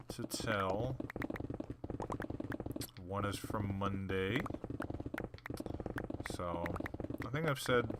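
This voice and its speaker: A man hosting a gaming channel, telling a story in a casual, rambling way over gameplay footage. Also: fairly low pitch. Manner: rambling, loose retelling full of "I'm like". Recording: loud steady background noise with clicks.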